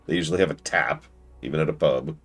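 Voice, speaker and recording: A man's voice: a bass voice, fast talker, soft background music. A man streaming a game, chatting casually as he thinks aloud and answers his chat. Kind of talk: casual gameplay commentary.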